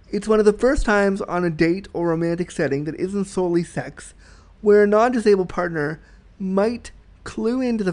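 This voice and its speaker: His voice sits high with a darkish tone as this man hosts a solo podcast. He speaks frankly and reflectively, laying out his thoughts at length.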